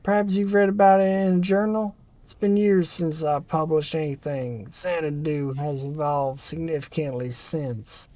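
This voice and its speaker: A performer reading a narrative game aloud, voicing a gloomy aging scientist in a hushed, low, drawn-out way. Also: natural voice. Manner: mournful, brooding, dwells on loss. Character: gloomy aging scientist who calls himself a king. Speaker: game character voice.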